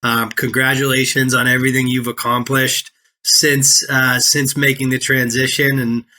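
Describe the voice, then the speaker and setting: A man's voice: mid-range voice, little pitch movement, moderate pace, bright, forceful tone. A man hosting a podcast interview, talking in an emphatic, effusive way and often repeating his phrases. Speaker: podcast host.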